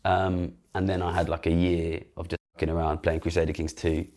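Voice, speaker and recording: A man's voice: low voice, level tone, a little fast, darkish tone. A man in his thirties telling his own story candidly, rambling and self-deprecating, with casual swearing. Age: 30s. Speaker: interview guest in a played clip. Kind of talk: candid recollection.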